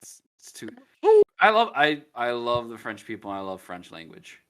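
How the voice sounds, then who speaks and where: A man's voice: mid-range voice, very animated, moderate pace, pushed and bright, smooth. A man co-hosting a casual podcast, chatting and joking with friends. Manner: laughing, joking, breaks into silly voices. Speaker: podcast co-host. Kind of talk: casual chat.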